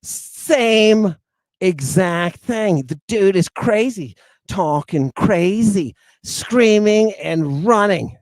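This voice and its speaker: Lively, animated man spinning a yarn. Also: sits high, very slow, no echo. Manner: animated, slangy, peppers lines with "right?" and "baby". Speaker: podcast host. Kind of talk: casual storytelling monologue.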